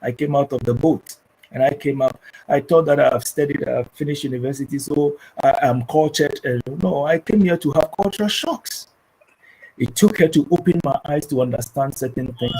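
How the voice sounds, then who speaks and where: Heard through a rough recording, a Ghanaian pastor in middle age talks earnestly on a family talk show. His voice is a little high, creaky and breathy at the edges, and moves at a moderate pace. Preacherly in tone, he livens up his voice to quote others.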